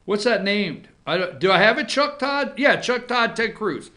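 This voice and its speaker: A male host with a bright, forceful voice talks casually to his audience, leaning on asides to keep them with him. His pitch swings widely as he goes. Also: moderate pace. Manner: animated, talks straight to viewers with frequent 'okay?' asides. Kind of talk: casual opinion commentary. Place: office.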